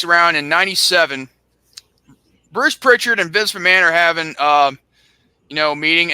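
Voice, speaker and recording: A man's voice: fairly high pitch, bright, forceful tone, clean tone, no echo. A young man co-hosting a podcast, telling a long story casually, full of fillers and restarts, on a laptop mic. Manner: rambling, filler-heavy, restarts often. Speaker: podcast co-host.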